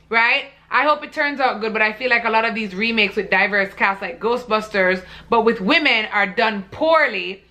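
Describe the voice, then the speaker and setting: Bright-voiced woman ranting bluntly. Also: fairly high pitch, moderate pace, few pauses. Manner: blunt, profane, heated. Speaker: vlogger. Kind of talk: casual vlog rant.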